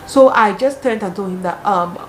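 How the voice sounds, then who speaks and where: A young woman with a Cameroonian English accent, telling dating stories casually in an animated, dramatic way with exclamations. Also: mid-range voice, normal speed, slight background noise. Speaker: vlogger. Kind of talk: casual storytelling. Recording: roomy echo, faint ambience.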